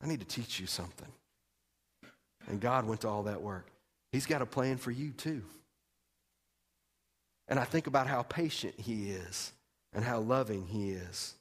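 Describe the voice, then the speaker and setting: A male pastor preaching a sermon, telling the story animatedly and swinging between loud and hushed delivery. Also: medium pitch, measured pace, pauses often.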